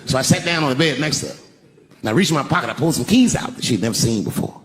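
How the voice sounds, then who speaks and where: A male stand-up comedian telling a story on stage, dropping to a hush and then shouting the punchlines. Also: mid-range voice, lively intonation, racing, slightly rough. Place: large theater stage with an audience. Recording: reverberant venue sound with crowd noise. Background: audience laughter.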